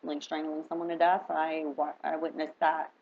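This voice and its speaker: Low-voiced woman telling a rambling story. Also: level tone, normal speed. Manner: rambling, emotional, heavy use of "like". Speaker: spiritual reader vlogger. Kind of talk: casual storytelling to camera. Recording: dull lo-fi with faint background noise.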